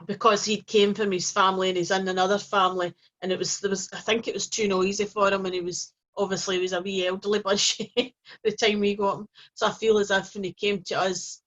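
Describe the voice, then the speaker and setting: A soft-spoken woman with a mid-range, level voice talks a little fast, telling a personal story casually to camera as host. She's gentle and rambling, with frequent restarts and soft fillers, in a dull lo-fi recording.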